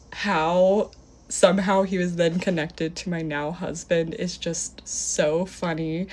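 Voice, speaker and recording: A young woman telling a casual storytime to her phone in a chatty, filler-heavy way, acting out what people said. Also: on the low side. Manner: chatty, filler-heavy retelling with acted-out quotes.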